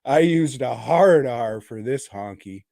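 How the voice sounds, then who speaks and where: A man's voice: medium pitch, lively intonation, slow, gravelly, dark tone, no room sound, clean studio sound. A man co-hosting a podcast, chatting in a crude, profane, rambling way. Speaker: podcast co-host. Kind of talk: casual podcast chat.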